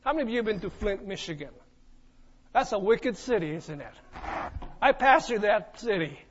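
A man's voice: high voice, animated, normal speed, muffled recording, slight background noise. A man preaching a sermon as pastor, asking the congregation questions and retelling events dramatically.

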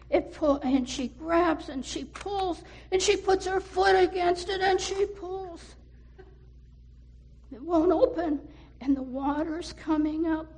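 A woman telling a cautionary story to children, pausing to ask her listeners questions. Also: high voice, darkish tone.

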